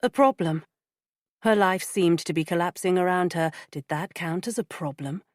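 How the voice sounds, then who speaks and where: This scripted audiobook narration comes from a woman with a fairly low pitch, telling the story in a measured, even way. The studio-quality recording has no echo.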